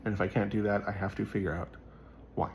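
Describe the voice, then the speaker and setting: A man with a low voice and a gravelly, creaky edge talks straight to his viewers in an earnest, rambling way. He is casual and full of fillers, and there is a faint hiss under the recording. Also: level tone, fast talker. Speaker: faith vlogger.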